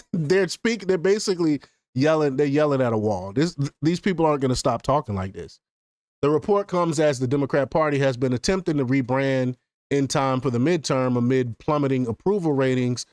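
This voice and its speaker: A man's voice: mid-range voice, no echo, studio quality. A man hosting a commentary show, reading news quotes aloud and breaking into laughing asides, sometimes stumbling over words. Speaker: political commentary host.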